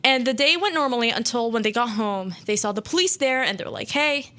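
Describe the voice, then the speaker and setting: A woman's voice: fairly high pitch, expressive, fast, a bit bright. A young woman hosting a radio show, casually retelling a horror story in a rambling way with many fillers and acted-out quotes.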